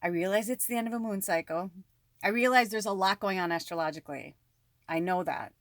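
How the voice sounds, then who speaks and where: A woman telling a personal story to her viewers in a casual, animated way, with lots of fillers and frequent swearing. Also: medium pitch, a little fast, no echo, studio quality. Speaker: spiritual medium.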